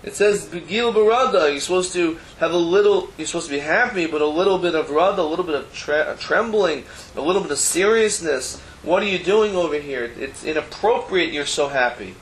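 A man's voice: on the high side, brisk, hardly any pauses. A man teaching a Talmud class, explaining the text line by line with Hebrew terms and casual asides. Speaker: Torah teacher. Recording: roomy echo, faint background noise.

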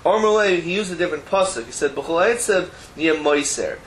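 A man gives a Talmud lesson in a somewhat high voice. He explains the text line by line, slipping Hebrew terms in among casual everyday asides. The room is echoey and there is a faint hum of noise behind him. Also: expressive, brisk. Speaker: Torah teacher. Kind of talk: Talmud class lecture. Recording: roomy echo, faint background noise.

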